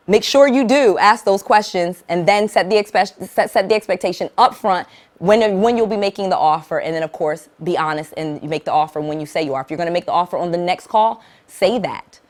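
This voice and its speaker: A woman coaching viewers on real estate investing in an upbeat, emphatic teaching vlog, speaking plainly and checking in often with "okay?". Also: fairly low pitch. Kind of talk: direct-to-camera teaching vlog.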